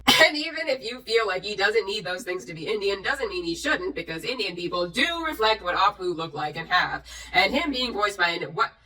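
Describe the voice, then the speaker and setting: Tipsy, sarcastic woman with a lively bright voice. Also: mid-range voice, moderate pace, distant mic. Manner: sarcastic, reads comments aloud with mocking asides. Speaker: YouTuber reacting to comments. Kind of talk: casual vlog commentary.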